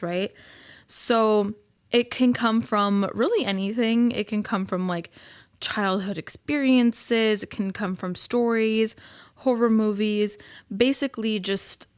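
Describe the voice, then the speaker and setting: A woman's voice: mid-range voice, no room sound, studio quality. A woman, hosting a casual solo podcast in a chatty, giggly way with lots of fillers. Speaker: podcast host.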